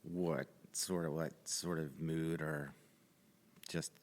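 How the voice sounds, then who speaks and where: Low-voiced halting male podcast host. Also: steady tone, big-room sound. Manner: halting, searching for words. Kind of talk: casual interview. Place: studio.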